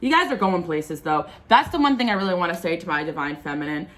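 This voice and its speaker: Expressive and fast-talking, a spiritual tarot reader with a lowish, fairly bright voice rambles passionately through a casual reading for her viewers, using many fillers. A little hiss or hum sits under the recording.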